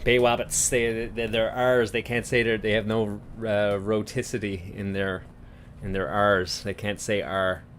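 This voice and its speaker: A man's voice: on the low side, flat delivery, measured pace, a bit bright, slight background noise. A man from Newfoundland with a light townie accent, hosting a livestream, chatting casually, laughing often and restarting his sentences. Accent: light St. John's Newfoundland. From Newfoundland, Canada. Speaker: livestream host. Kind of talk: casual chat reacting to viewers.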